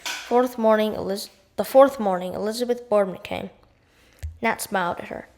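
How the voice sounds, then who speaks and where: A woman reading a chapter book aloud at a careful, steady pace, now and then going back over a word. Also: mid-range voice, moderate pace. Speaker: audiobook reader. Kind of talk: read-aloud storybook narration.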